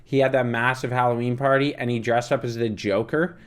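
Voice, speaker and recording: A man co-hosting a podcast in casual chat, profane and animated when telling stories. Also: mid-range voice, brisk, a little hiss or hum. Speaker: podcast co-host.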